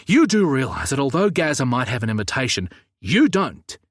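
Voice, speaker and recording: A man voicing a stern, exasperated male police officer who scolds his family in a gruff, emphatic way. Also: mid-range voice, very animated, moderate pace, no room sound, clean studio sound, pitched above the performer's own voice. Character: stern exasperated male cop, brother-in-law.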